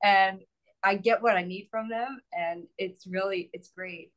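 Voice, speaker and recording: A woman guest in an interview, speaking earnestly and a little haltingly. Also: medium pitch, fairly even intonation, rough recording. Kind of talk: casual interview chat.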